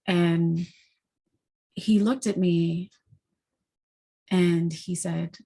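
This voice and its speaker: A woman sharing a personal story, halting and earnest, with frequent restarts and repeated words. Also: on the low side, steady tone, warm tone, breathy edge. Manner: earnest and heartfelt.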